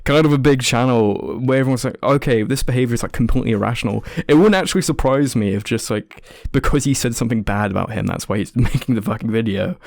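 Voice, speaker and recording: A man's voice: mid-range voice, quick pace, creaky, hardly any pauses, darkish tone, no room sound, studio quality. Blunt, swearing man on a podcast. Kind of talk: casual podcast chat.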